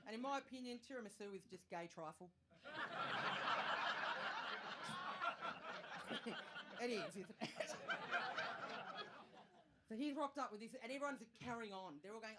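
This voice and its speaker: A woman in her thirties with an Australian accent, performing a stand-up comedy set, chatty and self-mocking with quick asides to the crowd. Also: mid-range voice. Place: comedy venue stage with live audience. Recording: live show with audience noise.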